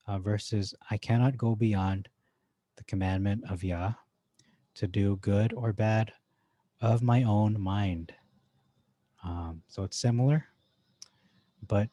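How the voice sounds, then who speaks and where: A man talks through Bible verses in an informal study, comparing wordings as he goes. His voice sits low and mellow, and he often thinks aloud with pauses. The sound is dry and close, with no room echo. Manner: thinking aloud, with frequent "uh" and restarts. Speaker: Bible teacher.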